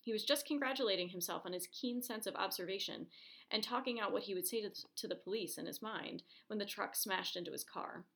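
Gravelly woman reading a story aloud. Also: mid-range voice. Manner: steady, measured storytelling with quoted lines voiced. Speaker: narrator.

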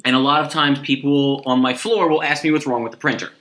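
A man's voice: mid-range voice, fairly even intonation, fast talker, fairly bright tone. A man co-hosting a podcast in casual chat, telling stories animatedly and swearing casually. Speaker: podcast co-host.

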